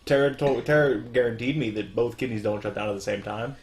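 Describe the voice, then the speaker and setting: A man's voice: mid-range voice, fairly even intonation, fairly quick, a little mellow, slight background noise. A man in easygoing podcast chat with dry, self-mocking humor. He rambles from one complaint to the next in a loose, offhand way. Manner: wry, self-deprecating, rambling. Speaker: podcast co-host. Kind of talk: casual chat.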